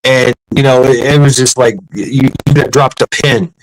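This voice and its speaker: A man's voice: mid-range voice, steady tone, moderate pace, no echo, rough recording. A man telling rambling, profane service stories in a casual chat, with many restarts and fillers. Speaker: podcast host, former Marine.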